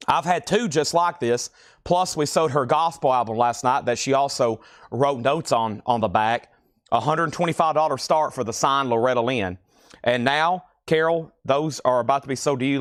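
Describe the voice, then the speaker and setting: A man in the middle of a relaxed live sales stream, reeling off album titles and prices in easy, chatty patter. His voice sits at an ordinary middle pitch. The sound is dry and close, with almost no room echo. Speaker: host selling records on a live stream. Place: record store.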